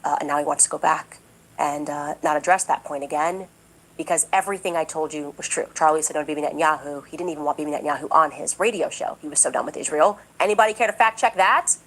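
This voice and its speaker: Her voice is low-pitched yet a bit bright, and she talks fast as a political commentator doing a podcast monologue. Emphatic and indignant, she keeps pressing the same points and mimics others in an exaggerated, raised voice. Audio is poor.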